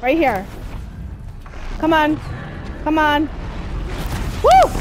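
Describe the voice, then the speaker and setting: A woman giving excitable let's-play commentary while gaming, squealing and cheering through the fights. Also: sits high, extremely slow. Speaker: gamer playing a video game. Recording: game music playing behind the voice.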